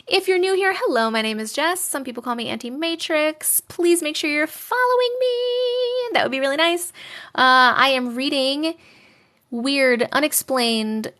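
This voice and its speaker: A woman's voice: a little high, sharp tone. A young woman hosting a casual live stream, chatting with viewers and reading their stories aloud, giggly and sometimes dropping to a whisper.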